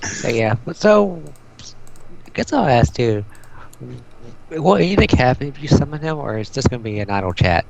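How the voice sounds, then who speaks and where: A man's voice: medium pitch, expressive, normal speed, vocal fry, long pauses, poor audio. A man playing a tabletop game who carefully asks the game master questions. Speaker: player. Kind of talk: casual game chat.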